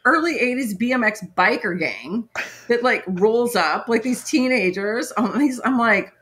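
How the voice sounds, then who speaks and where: Brief: middle-aged woman podcast host, high and bright, chatty storyteller full of "like" and "right?". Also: a little slow. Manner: animated, laughing, lots of "like" and "right?". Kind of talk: casual storytelling.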